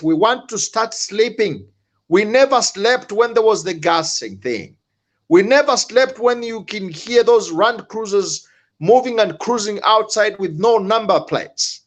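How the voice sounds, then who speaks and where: A man speaking as a panelist, impassioned, repeating himself and restarting his words. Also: high-pitched. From Zambia. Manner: impassioned, repetitive, halting restarts. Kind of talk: political panel discussion.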